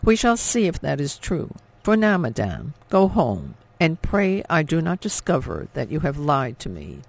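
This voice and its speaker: A man's voice: fairly high pitch, huge pitch swings, a little slow, creaky, heavily acted. A man voicing a stern male wartime officer in an audiobook, speaking coldly and threateningly. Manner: cold, threatening.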